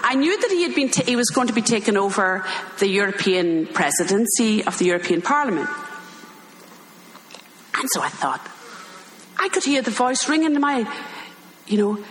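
An older Irish woman, a religious sister, telling an animated story and acting out the voices in it. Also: medium pitch, moderate pace, long pauses, slight background noise. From Ireland. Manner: animated, acts out quoted voices, laughs while telling. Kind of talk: storytelling talk. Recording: echoey hall with long reverb.

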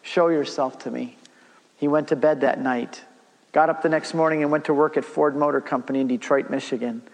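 A man's voice: on the high side, a little fast. A middle-aged man giving a storytelling church talk, acting out the dialogue as he goes. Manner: animated storyteller, acts out dialogue. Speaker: Catholic speaker giving a talk. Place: church hall. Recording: long reverb of a large hall.

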